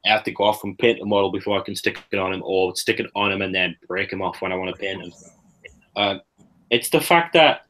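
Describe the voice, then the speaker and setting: A man co-hosting a casual live chat about miniatures, blunt and quick to rant. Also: sits low, fairly bright tone, low-quality recording. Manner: ranting, blunt and sweary. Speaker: co-host.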